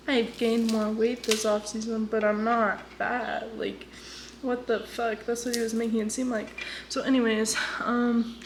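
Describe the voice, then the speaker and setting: A woman's voice: a little high, slight background noise. A young woman talking to her phone camera in a casual vlog, candid and swearing freely as she moves from home to the gym. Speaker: vlogger.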